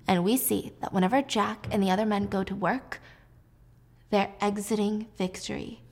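A woman's voice: medium pitch, fairly even intonation, moderate pace. A woman vlogger casually recapping a movie while baking, chatty and playful.

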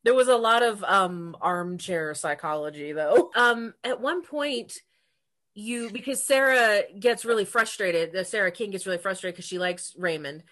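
A woman's voice: medium pitch, moderate pace, a bit bright. A woman co-hosting a casual book chat, talking animatedly, laughing often and acting out characters' lines. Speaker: podcast co-host.

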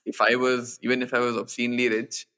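A man's voice: medium pitch, level tone, quick pace, sharp tone. A man co-hosting a podcast, giving frank, blunt opinions in a casual chat about films. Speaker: podcast co-host.

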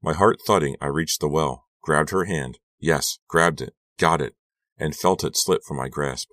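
A man narrating a horror audiobook in a measured, tense reading. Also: very deep voice, a bit bright, no echo, studio quality.

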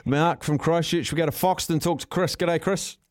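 A man's voice: a little high, fairly even intonation, normal speed. A man with a New Zealand accent hosting a casual radio call-in show, chatty and upbeat with callers. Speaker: radio host.

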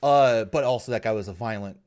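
A man chatting casually on a podcast, rambling and swearing as he tells animated stories. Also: fairly low pitch, a little fast. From Minnesota. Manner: rambling, profane, animated storytelling. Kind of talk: casual chat.

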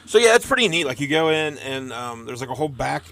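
A man's voice: medium pitch, very animated, fast talker, creaky, a bit bright. A middle-aged man co-hosting a podcast, chatting loosely with lots of fillers. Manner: loose, rambling, with many fillers. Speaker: podcast co-host. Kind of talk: casual chat.

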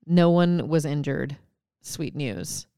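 A woman's voice: sits low, dark tone, smooth, no room sound, clean studio sound. A young woman co-hosting a podcast, chatting casually about odd news with jokes and laughs. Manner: laughing, joking, quick asides. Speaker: podcast co-host.

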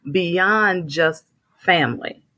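A woman's voice: fairly low pitch, takes it slowly, pushed and bright. A woman speaking as a guest in a casual conversation, explaining her points thoughtfully.

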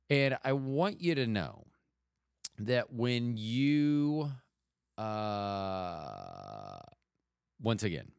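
A man's voice: medium pitch, dry recording, clean studio sound. Rambling male podcast host, resonant voice. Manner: rambling, chatty, self-interrupting. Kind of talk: casual podcast monologue.

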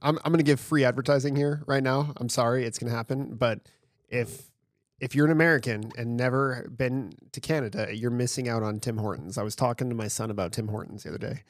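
A man's voice: medium pitch, quick pace, dry recording, clean studio sound. A man co-hosting a podcast in casual chat, rambling, swearing freely and getting enthusiastic. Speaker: podcast co-host.

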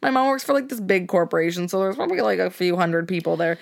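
A woman's voice: fairly low pitch, animated, quick pace, vocal fry. A young woman, co-hosting a podcast, chatty and teasing, leaning on "like" as she talks. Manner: chatty, heavy use of "like", playful teasing. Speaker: podcast co-host. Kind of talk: casual chat.

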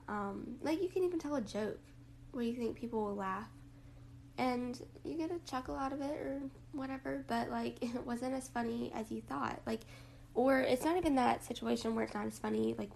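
A young woman hosting a casual reflective monologue, rambling with lots of fillers and a rough morning voice. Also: fairly high pitch, darkish tone, slight background noise, poor audio. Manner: rambling, lots of likes and ums. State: morning voice, throat a bit rough.

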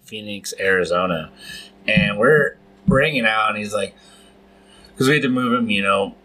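A man's voice: on the low side, moderate pace, pushed and bright, slight background noise, poor audio. A man guesting on a podcast, telling rambling anecdotes in casual chat, full of fillers and laughs.

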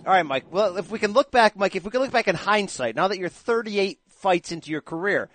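Hyped-up man hosting, high lively voice. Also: fairly quick, no room sound. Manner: playful, hyped-up questioning. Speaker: podcast host. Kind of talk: casual sports talk and interviewing.

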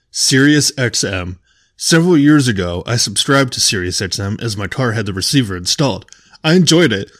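A young man hosting a casual podcast, reading posts aloud and ranting about them with frequent swearing. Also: mid-range voice. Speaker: podcast host.

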